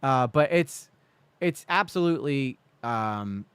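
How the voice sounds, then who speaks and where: A man's voice: medium pitch, expressive, takes it slowly, fairly bright tone, clear, resonant tone, no room sound. A man streaming live, reacting to a video with indignant, profane rants.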